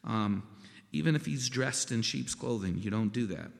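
A man's voice: on the low side, normal speed, vocal fry. A man preaching a sermon in a folksy, conversational way, often checking in with "okay?". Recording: long reverb of a large hall.

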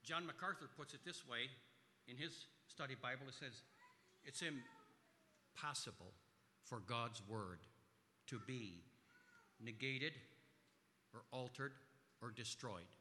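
A man preaching a sermon, stressing key words loudly and then dropping into quiet asides. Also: mid-range voice, slow, long pauses, big-room sound, a little hiss or hum. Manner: emphatic, swings between loud stresses and quiet asides. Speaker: pastor.

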